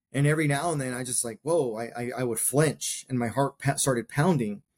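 A man's voice: mid-range voice, a little mellow. Man, forties, mid-range voice, earnest, reflective, short plain clauses, personal war story. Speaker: podcast guest, combat veteran.

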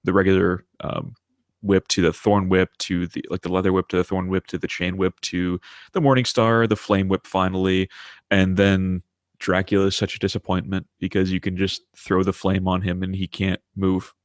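A man in his thirties chatting casually on a podcast, animated and telling stories with plenty of swearing. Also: deep voice, moderate pace, no room sound, studio quality. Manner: animated storyteller, swears freely. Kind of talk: casual chat.

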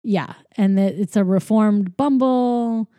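A woman's voice: mid-range voice, takes it slowly, mellow, dry recording, clean studio sound. A woman casually recapping a movie with a co-host, rambling and sarcastic with many fillers. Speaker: podcast co-host.

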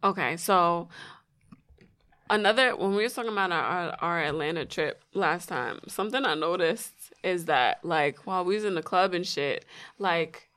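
A young woman from New York telling stories in casual chat, animated and profane. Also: lowish voice, normal speed, smooth.

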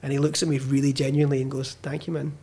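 A man's voice: mid-range voice, level tone, very fast, gravelly, warm tone, breathy edge. A young Scottish man, a filmmaker on a podcast, telling a story animatedly and swearing freely as he acts out the quotes. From Scotland. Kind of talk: casual storytelling chat.

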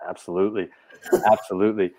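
Profane, animated man chatting casually. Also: deep voice, fast talker. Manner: profane, animated film retelling. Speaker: podcast co-host. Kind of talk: casual chat.

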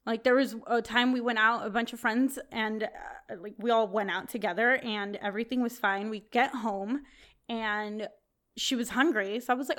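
Young woman co-host, fairly high voice, animated storyteller, swears a lot. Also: normal speed. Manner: animated, swears freely, laughs often. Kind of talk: casual storytelling chat.

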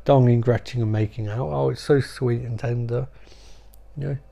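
Sweary, excitable man recapping a film. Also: medium pitch, moderate pace, gravelly. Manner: excitable, sweary, rambling asides. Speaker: movie recap commentator. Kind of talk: profane comedic film recap.

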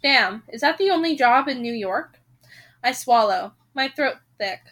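A woman's voice: expressive, unhurried. A woman reading a young adult novel aloud chapter by chapter, doing the characters' lines in her own voice. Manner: breaks off reading to rant, swearing and laughing; quiet, low-key aside after the break. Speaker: audiobook reader.

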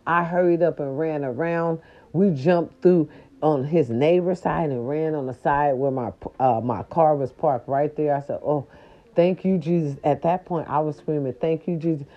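A woman's voice: sits low, moderate pace. Profane older woman telling a wild story. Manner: animated, profane, addresses viewers as y'all. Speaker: storyteller vlogger. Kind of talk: casual storytelling to viewers. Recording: dull lo-fi recording.

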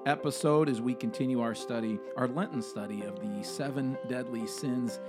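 A man, a senior pastor, hosting a casual podcast chat in a relaxed, hesitant way with many fillers. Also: mid-range voice, normal speed, over music.

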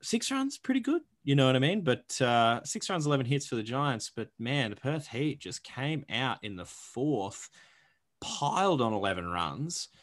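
A man's voice: medium pitch, moderate pace. Chatty man rattling off stats. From Australia. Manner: animated, joking, rattles off stats with lots of fillers. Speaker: podcast co-host. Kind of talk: casual sports podcast chat.

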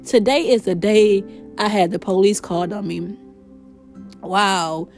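A woman hosting a podcast, telling her spiritual testimony in an emotional, expressive way. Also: medium pitch, a little slow, soft background music. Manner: emotional, expressive, faith-filled storytelling. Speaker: podcast host.

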